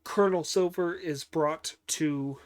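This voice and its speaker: A man talks through an episode recap at a slow, easy pace, stopping often on ums and uhs. His voice sits a little higher than most men's. Now and then he drops in a dry, joking aside. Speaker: show recapper.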